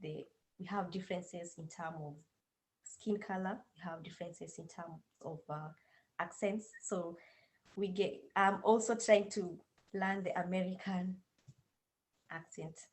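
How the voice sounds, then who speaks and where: Woman, Kenyan accent, lowish voice, hesitant, lots of fillers, video call interview. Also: fairly even intonation, unhurried, rough recording. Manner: hesitant, many fillers and restarts. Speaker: guest language teaching assistant. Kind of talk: casual interview.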